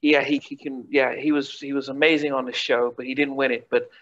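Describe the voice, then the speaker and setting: A man hosting a casual interview, asking halting questions with frequent restarts. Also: medium pitch, flat delivery, fairly bright tone, lo-fi sound, slight background noise. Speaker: host.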